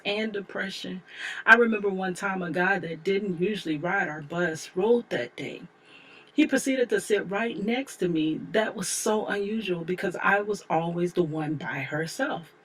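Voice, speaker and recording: A woman's voice: on the low side, fairly bright tone, husky. A woman in her forties reading her own memoir aloud as an audiobook, telling it candidly with chatty asides to the listener. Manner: candid storytelling, conversational asides. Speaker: memoir author and narrator.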